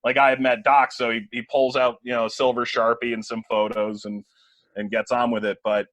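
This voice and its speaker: A man's voice: medium pitch, no room sound. 20s sportscaster guy telling stories, lots of ums and restarts, mid voice, dry close sound. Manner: animated, quick anecdotes with many restarts and fillers. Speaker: play-by-play broadcaster, podcast guest. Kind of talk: casual storytelling chat.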